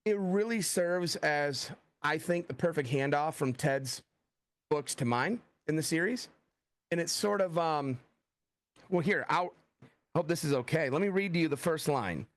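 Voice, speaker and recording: Speaking at a fairly high pitch and a little slowly, this middle-aged man from the USA is a thriller author in a relaxed interview. He's an animated storyteller who performs the dialogue he quotes, with "like" cropping up frequently.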